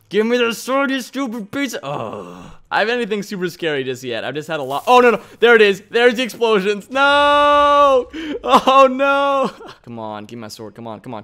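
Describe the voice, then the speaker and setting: A young man hosting a modded game let's-play, excitable, yelping and laughing when startled. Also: sits high. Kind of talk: excitable gameplay commentary.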